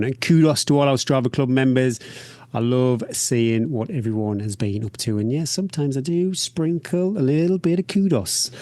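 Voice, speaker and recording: A man hosting a podcast, reading out listener shout-outs in an upbeat, chatty way and laughing at himself. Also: mid-range voice, no echo. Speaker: podcast host.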